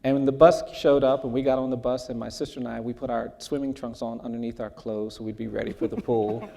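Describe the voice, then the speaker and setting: A man in his sixties tells a personal story during an onstage conversation. His delivery is measured and earnest, with a mellow, gravelly tone. The voice carries the long reverb of a large hall. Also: mid-range voice. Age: 60s. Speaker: guest speaker. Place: large hall before an audience.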